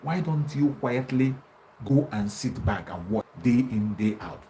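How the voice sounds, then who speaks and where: A combative man delivers a taunting political monologue, his pitch leaping high and dropping low as he presses his points. His tone is dark and mellow. A faint hiss runs under the recording. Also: lively intonation, unhurried, rough recording. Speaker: activist commentator.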